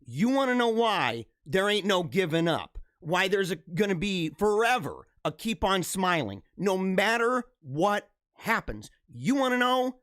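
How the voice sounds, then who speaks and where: A man's voice: high-pitched, fairly bright tone, no room sound, studio quality. Fervent slangy man on a live stream. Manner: fervent, slangy, emphatic repetitions. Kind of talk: casual live chat reading viewer comments.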